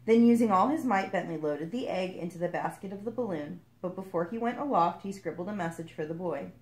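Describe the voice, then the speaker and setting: A woman reading a picture book aloud as a storyteller, expressive and lively. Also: on the low side, a little fast, hardly any pauses, echoey room.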